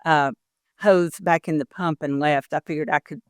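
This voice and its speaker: An older woman tells animated stories as a podcast guest, jumping into the voices of the people in them. Her voice is smooth and clear. The sound is dry and close to the mic. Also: deep voice, normal speed, no echo. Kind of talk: casual interview chat.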